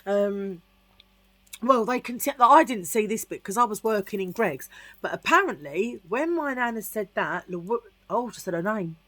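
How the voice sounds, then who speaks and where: A woman's voice: mid-range voice, lively intonation, moderate pace, fairly bright tone, no echo. A middle-aged woman from Tottenham with a London accent, telling a rambling personal story in casual vlog chat with lots of asides. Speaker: vlogger.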